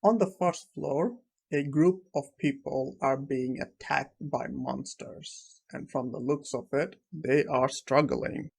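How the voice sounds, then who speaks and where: Slow, husky male narrator for a plain story recap. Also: medium pitch, poor audio.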